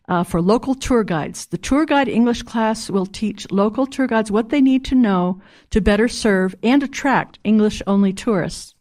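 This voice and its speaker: Female radio host, mid-range voice, reads local announcements plainly and steadily. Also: medium pitch. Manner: steady, clear read-aloud delivery. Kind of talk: reading community announcements.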